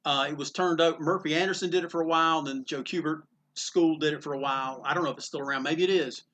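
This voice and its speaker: Bright-voiced man telling rambling stories. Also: a little high, fairly even intonation, quick pace. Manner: rambling, with frequent restarts and casual swearing. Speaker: comic book store owner. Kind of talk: anecdotal storytelling in a conversation.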